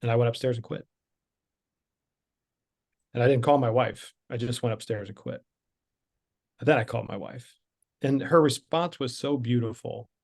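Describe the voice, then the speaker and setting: A man's voice: medium pitch, normal speed, creaky, pauses often. A middle-aged man telling his story as a podcast guest, candid and conversational with frequent fillers and restarts.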